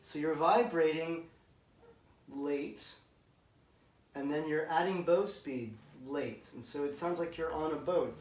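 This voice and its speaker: A man's voice: fairly high pitch, slow pace, soft background music. Encouraging male viola teacher, roomy recording. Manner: encouraging, sings phrases with da syllables. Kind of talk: music lesson coaching. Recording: roomy, mic at a distance, loud viola playing.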